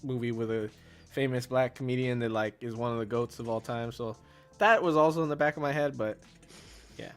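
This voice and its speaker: A man's voice: mid-range voice, a little fast, smooth, soft background music. Laid-back guy chatting movies. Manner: laughing, acts out movie lines. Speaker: guest co-reviewer. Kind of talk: casual chat.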